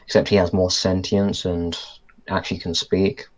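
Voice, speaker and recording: A man's voice: sits low, flat delivery, moderate pace. A man co-hosting a casual podcast chat, thinking aloud and restarting his sentences as he goes. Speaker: podcast co-host. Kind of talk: casual chat reviewing a cartoon episode.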